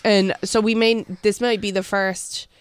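A woman's voice: medium pitch, little pitch movement, unhurried, smooth, no echo, clean studio sound. A woman co-hosting a podcast, chatting casually and easily, hedging her points with filler words. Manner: easygoing, laughs along, hedges with filler words. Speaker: podcast co-host. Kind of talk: casual political chat.

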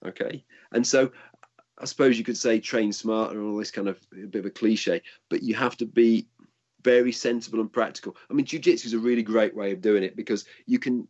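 A man's voice: on the low side, a little mellow, dull audio. An older man and martial arts instructor answering interview questions in a casual, rambling way with frequent restarts.

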